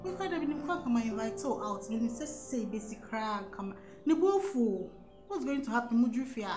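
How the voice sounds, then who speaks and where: An eager young female fan, played by a woman, pleading in a Ghanaian English accent. Her voice is rather high and sounds echoey. Loud music runs behind her. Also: lively intonation, moderate pace, close to an everyday voice. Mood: apologetic. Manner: pleading, then apologetic. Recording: echoey room.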